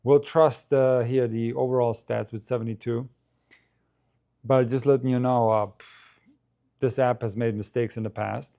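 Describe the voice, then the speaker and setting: A man's voice: medium pitch, steady tone, a little slow, gravelly, long pauses, warm tone. Man chatting through live match commentary. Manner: chatty, thinks aloud, addresses viewers.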